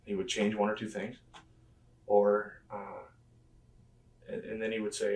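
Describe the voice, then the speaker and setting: Low-voiced man in an echoey room. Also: monotone, unhurried, gravelly, long pauses, darkish tone. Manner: rambling, filler-heavy retelling of past conversations. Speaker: interview guest, professional wrestler. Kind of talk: conversational storytelling interview. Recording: echoey room, mic at a distance.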